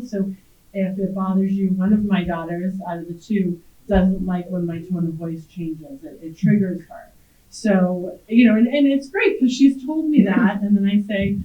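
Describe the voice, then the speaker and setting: A woman's voice: mid-range voice, moderate pace, mellow. A middle-aged woman, a parent on a panel, reflects in a thoughtful, earnest way and often repeats words as she goes. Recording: echoey, tinny.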